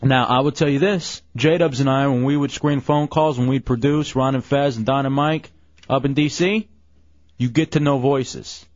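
A man hosting a live radio talk show, calmly trying to referee an argument. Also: medium pitch, normal speed, no room sound, highs cut off.

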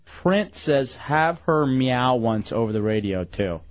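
A male radio host rambles through a prize giveaway in loose, joking banter, stumbling over his words now and then. His voice sits mid-pitch and comes through a dull, lo-fi broadcast sound. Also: animated, slow. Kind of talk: casual morning-radio banter.

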